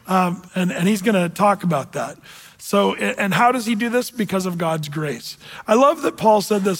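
A male pastor delivers a sermon in an easygoing, conversational manner. His voice sits high for a man. It rings out with a long reverb through a church sanctuary. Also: animated, a little fast. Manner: casual, conversational preaching with fillers.

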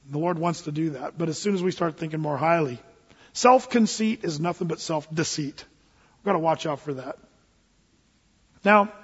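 Male pastor preaching, high voice, husky, earnest, folksy, echoey hall. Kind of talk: sermon. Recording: dull, echoey church hall recording.

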